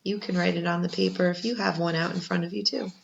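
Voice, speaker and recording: A woman's voice: fairly low pitch, steady tone, fast talker, gravelly, a little hiss or hum. A woman teacher giving a patient second-grade spelling lesson, sounding out syllables and encouraging young learners. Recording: muffled lo-fi recording.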